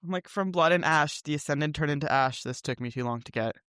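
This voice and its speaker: Female co-host, casual animated book chat, lots of fillers, dry close sound. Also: low-pitched, fast talker, dry recording. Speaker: podcast co-host.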